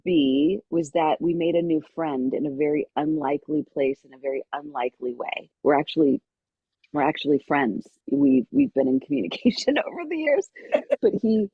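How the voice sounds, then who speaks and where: Woman, middle-aged, husky, dry close sound, animated storytelling. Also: sits low, normal speed, dry recording, narrow, tinny audio. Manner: lively storyteller who acts out quoted voices. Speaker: podcast guest.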